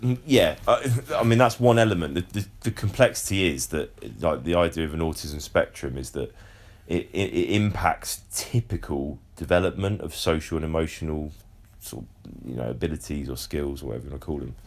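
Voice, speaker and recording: A man's voice: extremely low pitch, fairly quick, hardly any pauses. A young man hosting a casual podcast, chatty and explaining at length, often repeating words as he starts a sentence. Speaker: podcast host.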